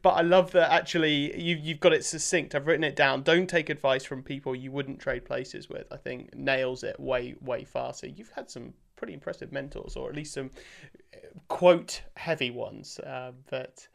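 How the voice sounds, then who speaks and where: A man's voice: mid-range voice, fairly even intonation, normal speed, gravelly. A British man hosting a casual interview, chatty and full of fillers, laughing easily. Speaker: podcast host.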